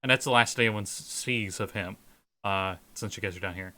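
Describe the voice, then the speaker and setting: A man narrating as game master of a tabletop game with quick, descriptive narration. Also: fairly low pitch, sharp tone.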